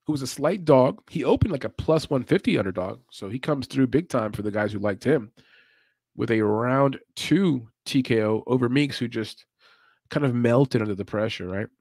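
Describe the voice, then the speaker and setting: A laid-back man talks through a live stream in loose, casual commentary, laughing often. His voice sits at an ordinary middle pitch. The sound is dry and close, with no room around it. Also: expressive, normal speed, a little mellow, breathy edge, dry recording. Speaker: podcast host.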